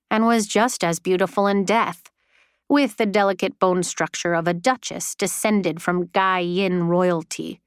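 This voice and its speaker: Woman reading a novel aloud, slow and smooth, dry close sound. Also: fairly low pitch, dry recording. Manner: measured, unhurried storytelling. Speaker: audiobook narrator. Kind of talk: scripted narration.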